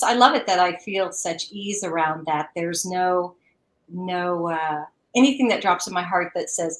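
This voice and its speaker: A woman's voice: on the low side, a bit bright, reverberant, low-quality recording. A woman guest in a casual interview on a video call, speaking in a heartfelt, reflective way.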